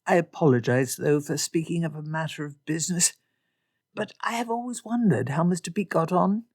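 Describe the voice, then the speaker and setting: A woman voicing a reserved young gentleman who speaks formally and politely, in an audiobook. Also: deep voice, normal speed, dry recording, studio quality. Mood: courteous.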